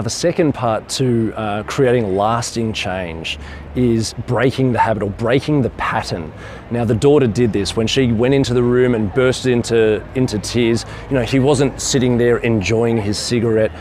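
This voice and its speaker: Man vlogger, mid pitch, eager and rambling, faint street traffic behind. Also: a little mellow. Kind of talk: casual storytelling to camera.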